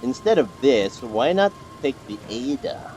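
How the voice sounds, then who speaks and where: A man's voice: mid-range voice, very animated, a little slow, darkish tone, muffled recording, faint music behind. A young man streaming a game, chatting casually with teammates, rambling and repeating himself with lots of fillers and restarts. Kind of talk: casual gameplay chat with teammates.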